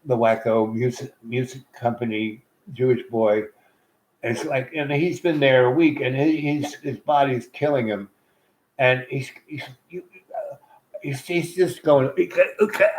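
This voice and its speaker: A man's voice: medium pitch, poor audio. Rambling man telling a loose story. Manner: meandering, with many restarts and asides. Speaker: host.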